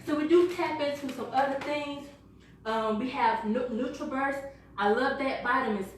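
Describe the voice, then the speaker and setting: An energetic woman pitches products to a small live audience, chatty and quick to laugh as she quizzes her listeners. Her voice sits a little high. She is heard from a distance in a very echoey room with faint background noise. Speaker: product presenter. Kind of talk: lively sales pitch to a small group.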